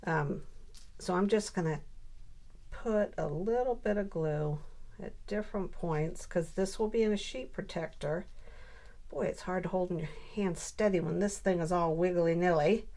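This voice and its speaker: An older woman and grandmother chatting casually through a scrapbooking tutorial. She often mutters softly to herself while she works. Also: on the low side, moderate pace. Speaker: scrapbooking crafter and channel host. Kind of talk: casual crafting tutorial chat.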